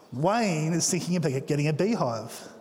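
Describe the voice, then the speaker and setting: A slightly higher-voiced man preaches to his church, playful and full of joking asides. His voice rings out in a big space with long reverb trailing behind each phrase. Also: darkish tone. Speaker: pastor. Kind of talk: sermon. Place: church auditorium.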